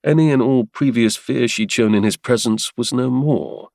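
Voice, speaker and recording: A man narrating a romance audiobook in a measured, dramatic way. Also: mid-range voice, vocal fry, darkish tone, no room sound, clean studio sound.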